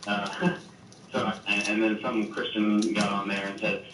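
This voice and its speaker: Caller dude, low voice, lots of ums, noisy echoey sound. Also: male voice, flat delivery, a little slow. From Southern United States. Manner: hesitant, lots of ums and restarts. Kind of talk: call-in conversation. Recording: distant echoey line with clear noise.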